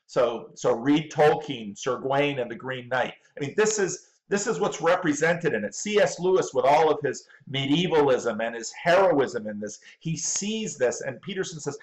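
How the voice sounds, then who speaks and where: A man's voice: medium pitch, lively intonation, moderate pace, few pauses, rough recording. A male pastor giving running commentary on a video clip, thinking aloud in a stop-start way and repeating words.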